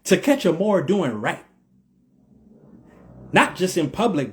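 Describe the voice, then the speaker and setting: A man from the United States speaks in a fairly high voice and preaches his points in an emphatic, repetitive way. He uses casual slang and a rolling, preacher-like cadence. It is a solo vlog monologue. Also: animated, unhurried, a little mellow. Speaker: vlogger.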